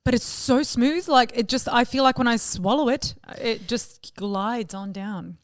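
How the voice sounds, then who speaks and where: A woman co-hosting a casual podcast, rambling and self-mocking, and quick to apologize. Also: fairly high pitch, dry recording, clean studio sound. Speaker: podcast co-host. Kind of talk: casual chat, wine tasting.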